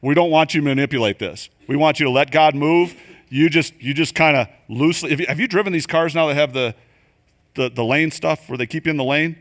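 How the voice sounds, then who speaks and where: An older man teaches a room of church group leaders in a loose, conversational way. He is animated and keeps slipping into quick acted voices and asides to make his points. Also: fairly high pitch. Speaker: leadership coach. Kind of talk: church training talk. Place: church venue.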